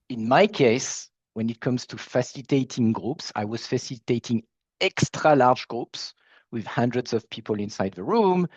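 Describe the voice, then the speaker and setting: A man with a French accent talks through a panel conversation in a chatty, self-deprecating way, pausing and restarting as he goes. His voice comes over a dry, lo-fi video call line with little room sound. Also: mid-range voice, darkish tone, no echo. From France. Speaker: founder of a facilitation platform, panel guest.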